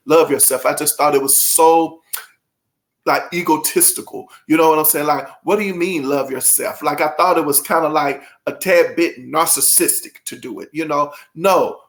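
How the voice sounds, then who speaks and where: Here a gravelly-voiced man with a fairly high pitch hosts a vlog, chatting casually to his viewers. He comes across as gushing, emotional, and excitable, with a folksy habit of addressing the audience directly.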